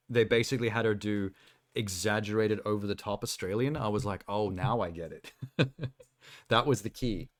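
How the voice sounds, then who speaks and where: A man streaming from home, chatting casually and rambling through his reactions with frequent laughter. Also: lowish voice. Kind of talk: casual live-stream chat.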